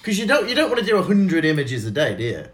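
A man's voice: fairly high pitch, sing-song, quick pace, a bit bright. A man hosting a podcast, talking in a rambling, self-mocking way and laughing often. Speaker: podcast host. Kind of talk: casual chat.

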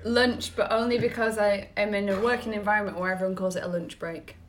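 A woman's voice: medium pitch, steady tone, reverberant, a crowd in the background. Teasing woman, chatty co-host. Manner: teasing, quick to cut in. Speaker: podcast co-host. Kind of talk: casual chat.

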